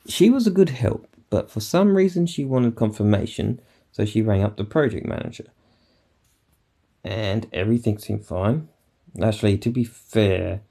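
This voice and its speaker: A man's voice: on the low side, vocal fry, dark tone. A man casually telling rambling stories about his workday in a vlog, swearing now and then. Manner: rambling, swears, acts out coworkers' quotes. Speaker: vlogger recounting his workday.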